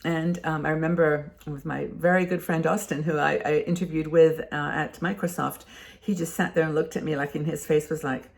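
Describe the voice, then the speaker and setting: A woman's voice: deep voice, fairly even intonation, a little fast, creaky. An older woman hosting a show, talking casually and rambling, with frequent restarts and fillers. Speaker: host. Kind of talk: casual talk to camera.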